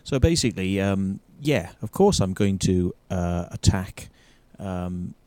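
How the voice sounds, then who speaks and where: Combative, swearing man, dark voice. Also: sits low, lively intonation, slow pace, no room sound. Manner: combative, profane ranting. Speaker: show host. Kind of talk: commentary on an interview clip.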